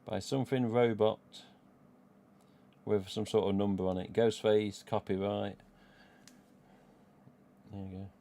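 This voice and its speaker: A man's voice: fairly low pitch, little pitch movement, a little slow, vocal fry, pauses often, warm tone, a little hiss or hum. A middle-aged man with an English Midlands accent, chatting casually on a live stream, rambling and swearing freely as he goes. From England. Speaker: livestream host.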